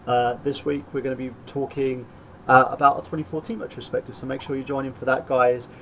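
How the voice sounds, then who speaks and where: A man's voice: mid-range voice, flat delivery, fairly quick, fairly bright tone. Man rambling through plugs, lo-fi. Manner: rambling, full of fillers. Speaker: podcast host. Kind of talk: casual podcast plugs. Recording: dull lo-fi audio with faint noise.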